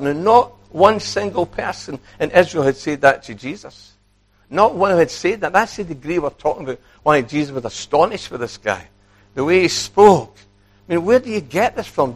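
A man preaching a sermon, animated, acting out quoted speech and putting questions to his listeners. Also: fairly high pitch, normal speed.

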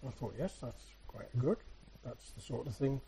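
A man giving a sermon, a soft-spoken, rambling storyteller who retells everyday encounters. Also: mid-range voice, expressive, moderate pace, vocal fry, a little hiss or hum, poor audio. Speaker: church speaker. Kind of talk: anecdotal sermon.

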